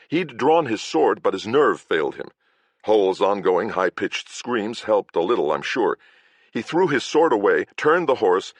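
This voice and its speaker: A man's voice: low voice, a bit bright, dry recording. A man reading a first-person fantasy audiobook, with a wry storytelling manner. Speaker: audiobook narrator.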